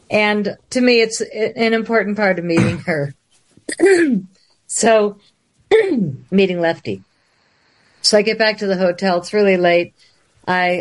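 Animated woman telling a story with laughs. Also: lowish voice. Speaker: guest. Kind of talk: storytelling in a livestream interview.

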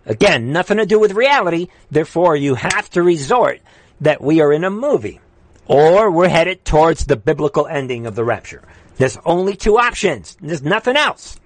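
A man's voice: on the high side, very animated, moderate pace, slight background noise. A man hosting a political livestream, ranting fiercely and urging his viewers with repeated exhortations, then reading chat comments aloud. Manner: fiery, repetitive exhortations, swings from shouting to quiet.

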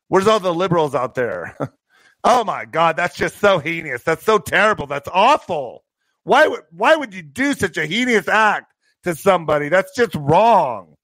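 A man's voice: high voice, fairly bright tone, dry recording. A man reading out news headlines in a casual stream, sarcastic and stumbling over words.

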